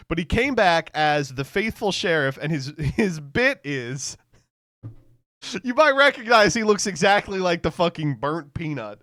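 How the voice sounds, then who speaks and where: A man doing casual reaction commentary on stream, mocking what he watches and laughing between profane remarks. His voice sits a little high and swings widely in pitch. The sound is dry and close. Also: fairly bright tone, no echo.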